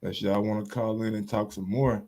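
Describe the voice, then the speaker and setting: A man's voice: lowish voice, fairly even intonation, brisk, warm tone. A man hosting a sports channel, talking casually in a rambling, profane, trash-talking way. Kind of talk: casual livestream commentary.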